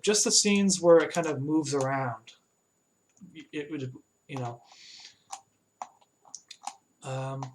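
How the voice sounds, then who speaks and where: A man chatting casually while he animates on a live stream, halting often with fillers and restarts. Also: a little high, slight background noise. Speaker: animator streaming his work.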